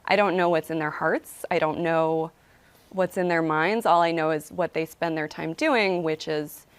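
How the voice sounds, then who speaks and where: A woman's voice: deep voice, steady tone, moderate pace, clear, resonant tone, dry recording. A young woman answering an interview question, thoughtful and hedging, with fillers and a rising uptalk inflection. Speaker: interviewee, author.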